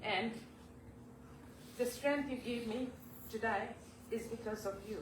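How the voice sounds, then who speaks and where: Woman, emotional homage, halting and apologetic, distant mic, echoey temple hall. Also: on the high side. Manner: halting, apologetic, moved to tears. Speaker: devotee giving a homage. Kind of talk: emotional spoken tribute. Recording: echoey hall, voice from far off, clear background noise.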